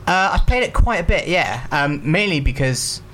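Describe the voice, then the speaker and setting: A man's voice: a little high, animated, normal speed, fairly bright tone, a little hiss or hum. A man co-hosting a casual radio chat, hesitant and playful, with many ums and uhs. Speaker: co-host.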